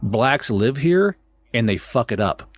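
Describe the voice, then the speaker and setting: During a laid-back podcast chat, a man from Oklahoma goes on a fiery, profanity-laced rant, tripping over himself and repeating words as he restarts. He speaks in a mid-range voice, very animated but a little slow.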